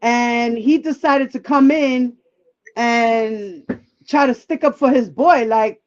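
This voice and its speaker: A livestream guest with a voice on the high side speaks slowly over dull-sounding audio. She tells a personal story in a casual, candid and profane way, often acting out what people said.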